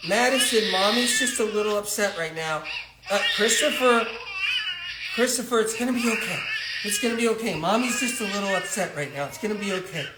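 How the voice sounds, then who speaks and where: A man's voice: sits high, slow, pauses often, very noisy. A man voicing a frantic new mother of newborn twins in a comedic phone sketch, tearful and indignant as she complains and pleads. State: tearful, near crying. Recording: roomy echo.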